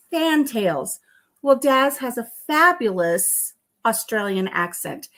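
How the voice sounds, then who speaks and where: A woman's voice: fairly high pitch, fairly bright tone. A woman hosting a casual home vlog, chatting and telling stories with a lot of laughter. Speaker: vlog host. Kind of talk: casual chat while tasting tea.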